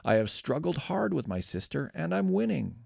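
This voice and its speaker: A man's voice: on the high side, sing-song, moderate pace, creaky, darkish tone, dry recording, studio quality, pitched above the performer's own voice, heavily acted. A man voicing Rachel, a jealous childless wife, urgent and pleading. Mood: triumphant.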